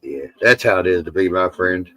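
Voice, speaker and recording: A man's voice: low-pitched, lively intonation, brisk, a bit bright, low-quality recording. A man hosting a casual livestream, rambling and teasing his friends with salty jokes. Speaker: livestream host.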